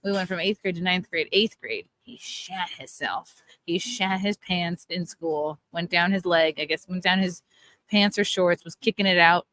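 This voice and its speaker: A woman's voice: lowish voice, normal speed, fairly bright tone, no room sound. A woman casually chatting and telling crude stories with lots of laughter. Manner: crude storytelling, laughs often. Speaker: livestream co-host. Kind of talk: casual chat. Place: outdoors by a pool.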